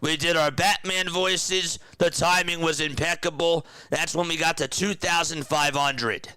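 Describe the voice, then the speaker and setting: A young man calling baseball play-by-play on a live charity stream through a headset, loudly thanking donors and then speaking softly and emotionally. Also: on the high side, measured pace, hardly any pauses, clean tone, dry recording. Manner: excitable, shouts thanks to donors, turns emotional and quiet.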